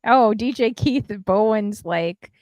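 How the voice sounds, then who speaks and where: A woman's voice: on the high side, slow pace, darkish tone, no room sound, highs cut off. A woman hosting a casual live stream, chatting, laughing and reading out viewers' comments. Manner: chatty, reads out chat comments, laughs often. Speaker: host.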